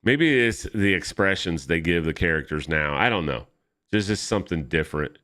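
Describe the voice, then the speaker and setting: A man's voice: sits low, expressive, moderate pace, pushed and bright. A man giving casual, rambling commentary while flipping through comic books, nitpicky and often correcting himself mid-sentence. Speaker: comic book vlogger.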